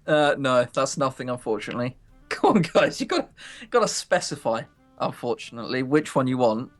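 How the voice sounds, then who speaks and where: A man's voice: mid-range voice, sing-song, brisk, soft background music. A man streaming a visual novel, chatting casually with a co-player and laughing through teasing banter. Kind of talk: casual live-stream chat.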